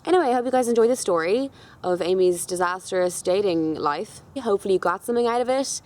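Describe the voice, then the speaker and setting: A woman's voice: mid-range voice, lively intonation, fast, a little mellow. A young woman, casually telling a dating story to camera, full of fillers and swearing. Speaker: beauty vlogger.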